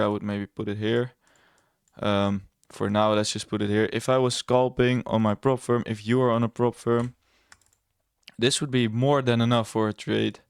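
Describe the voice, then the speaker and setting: Young guy talking thru his trades, flat low voice, dry close sound, kinda rambly and blunt. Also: gravelly, clean tone, dry recording. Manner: rambling, self-correcting, blunt and sarcastic. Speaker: trading educator. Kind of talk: casual screen-share trading walkthrough.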